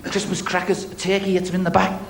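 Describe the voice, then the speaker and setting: High-voiced Liverpudlian stand-up comedian. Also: male voice, completely flat delivery, gravelly, heavy background noise. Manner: quick-fire one-liners, chirpy asides to the audience. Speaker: stand-up comedian on a talent show. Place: TV studio stage before a live audience. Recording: echoey 1980s TV studio, loud audience.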